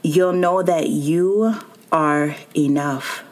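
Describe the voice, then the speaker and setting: Podcast host, female, low voice, encouraging solo talk to listeners. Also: extremely slow. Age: adult with child and spouse. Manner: warm encouraging, speaks directly to listener.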